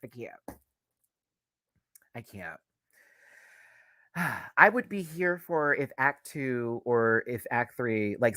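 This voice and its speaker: A man's voice: on the low side, bright, forceful tone, dry recording. A man giving a casual livestream album review, gushing and emotional, close to tears at times. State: tearful. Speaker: music reviewer.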